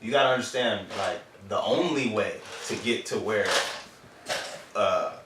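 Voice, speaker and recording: A man in casual group discussion, halting and restarting often, acting out movie scenes in lively put-on voices. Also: lowish voice. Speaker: podcast co-host. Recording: echoey room, far from mic, faint noise.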